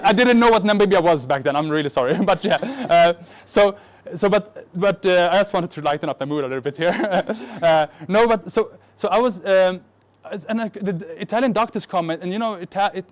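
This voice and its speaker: A man from the Middle East tells a personal story on stage to a live audience, joking and mocking himself, often restarting his sentences. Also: sits high. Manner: animated, joking, self-mocking, many restarts. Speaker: speaker at a marketing event.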